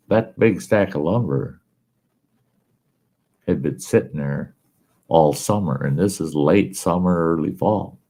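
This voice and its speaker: A man telling a folksy story in casual, animated style as a show host. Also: very deep voice, vocal fry, breathy edge. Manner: folksy, animated yarn-spinning.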